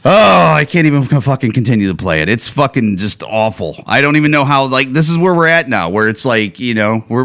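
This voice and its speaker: A man in mid-range voice talks through a solo podcast, going off in a loose, sarcastic rant full of cursing. When something gets to him, his voice jumps up high and loud. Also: very animated, fairly quick, few pauses. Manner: profane, ranting, sarcastic; swings to loud, high-pitched outbursts when worked up. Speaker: podcast host.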